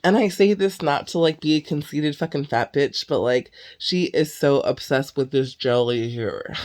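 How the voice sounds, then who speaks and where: A woman's voice: deep voice, a little mellow. A young woman host chatting casually and candidly, rambling and swearing freely. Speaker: podcast host. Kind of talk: casual chat.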